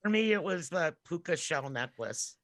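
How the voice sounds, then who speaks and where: A woman's voice: sits low, animated, moderate pace, fairly bright tone, no echo. A woman co-hosting a podcast in casual chat, easygoing and giggly, often trailing off mid-thought. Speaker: podcast co-host.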